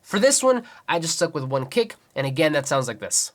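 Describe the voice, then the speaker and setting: A man's voice: fairly high pitch, big pitch swings, a little fast. A young man producing music, casually walking through his beat and counting the rhythm aloud as he explains each layer. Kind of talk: tutorial walkthrough. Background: beat playback music.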